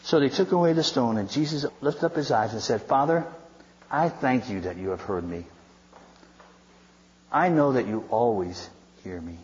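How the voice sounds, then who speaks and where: A man's voice: mid-range voice, darkish tone. A male pastor preaching a sermon, retelling scripture in a conversational, storytelling way with wry asides. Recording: dull sound with long hall reverb.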